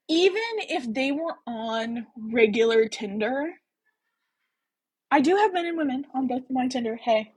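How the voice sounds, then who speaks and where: A woman chatting casually on a livestream as host. Her voice is husky and sits a little high. She rambles and giggles, peppering her talk with "like" and "um," and pokes fun at herself. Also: rough recording. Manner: giggly, self-deprecating. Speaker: host of a book-chat livestream.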